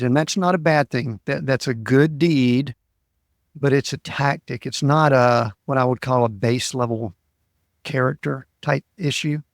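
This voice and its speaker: A man's voice: mid-range voice, gravelly, no echo, studio quality. A man who hosts a podcast and works as a coach, asking reflective, probing questions in a conversational interview.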